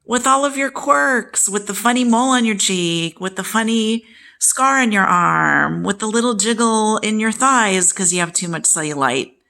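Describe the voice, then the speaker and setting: A woman's voice: mid-range voice, animated, normal speed, creaky, pushed and bright. A woman in her sixties, talking candidly and emphatically to her viewers about family and self-worth. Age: 60s. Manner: candid and emphatic, acting out quoted relatives. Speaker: vlogger. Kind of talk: personal storytelling to camera.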